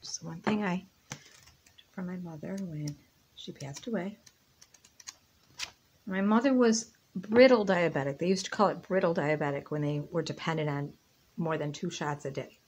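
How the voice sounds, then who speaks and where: A woman's voice: fairly low pitch, moderate pace, long pauses, a little mellow, husky. A woman in her fifties chatting casually while she cooks in her home kitchen, rambling between stirring and tasting. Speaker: cooking and lifestyle vlogger. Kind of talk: casual chat while cooking.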